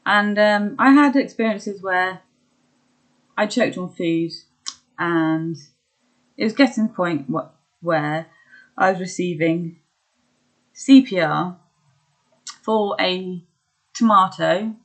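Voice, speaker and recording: A young woman talking candidly about her own experiences, hesitant with many pauses and ums, laughing at herself at times. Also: lowish voice, poor audio. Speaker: vlogger sharing her illness experience. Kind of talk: candid personal chat.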